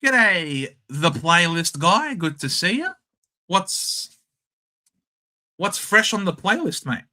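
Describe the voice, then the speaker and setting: Australian man, young, live stream host, casual watchalong commentary, bright voice, excitable. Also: high-pitched, slow, long pauses. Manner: excitable, shouts at big plays, chats with viewers.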